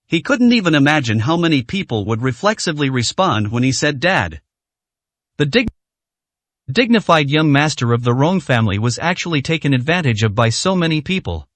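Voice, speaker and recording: A man reading a story aloud in a steady, even scripted narration. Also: on the high side, normal speed, no room sound.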